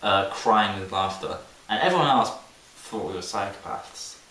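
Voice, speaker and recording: A man's voice: lowish voice, animated, normal speed, pushed and bright. Young male podcast co-host, casual storyteller, roomy distant sound with faint hiss. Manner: rambling storyteller, laughs mid-sentence, mimics voices. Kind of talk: casual chat.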